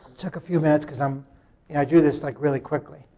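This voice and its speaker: A man's voice: a little high, steady tone, warm tone. A man giving a live conference presentation, often stopping mid-sentence to sort out his slides. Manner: halting, breaks off mid-sentence to fix tech.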